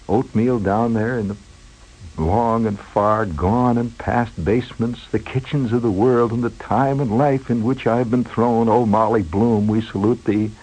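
A man's voice: lowish voice, a little mellow, breathy edge, rough recording. A man telling a rambling, wry story in a monologue, digressing often and chuckling as he goes.

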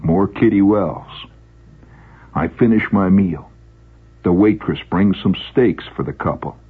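A man's voice: sits low, measured pace, husky. Wry male storyteller, phone-like sound. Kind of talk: first-person storytelling.

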